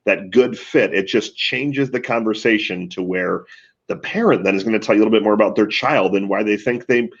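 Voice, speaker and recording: A man's voice: fairly low pitch, fairly quick. A man explaining things in a coaching way as a guest in a video call interview. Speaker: marketing guest expert. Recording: dull lo-fi audio.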